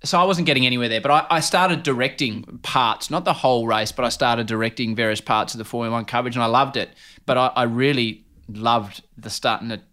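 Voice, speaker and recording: A man in his forties with an Australian accent, a sports broadcaster chatting as a guest and telling lively anecdotes, often calling his listener mate. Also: mid-range voice, fast, hardly any pauses. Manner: animated, laughing anecdotes, keeps saying mate. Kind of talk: casual storytelling chat.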